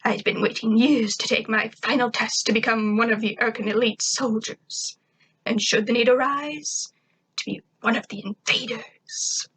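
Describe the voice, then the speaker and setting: A woman voicing a scheming female alien rival in a cold, hushed, cutting tone. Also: fairly high pitch, fairly even intonation, normal speed, husky.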